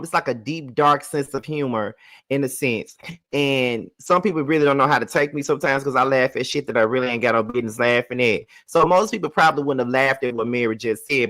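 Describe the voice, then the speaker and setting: A young man, host of his own channel, does a casual live review of a reality show. He's profane and rambling, laughs often, and his voice gets loud and high when he's excited.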